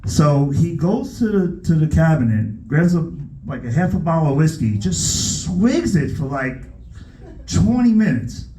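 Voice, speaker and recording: High, lively stand-up comic in an echoey club. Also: male voice, measured pace. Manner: profane, animated, voices shouted punchlines. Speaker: stand-up comedian. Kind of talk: stand-up comedy storytelling. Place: comedy club stage.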